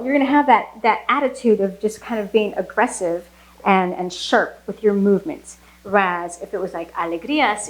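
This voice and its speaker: A woman's voice: medium pitch, rough recording. A woman teaching a flamenco footwork lesson, explaining technique with fillers and then counting the beats aloud. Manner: relaxed explaining, slow with fillers. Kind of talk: dance lesson instruction.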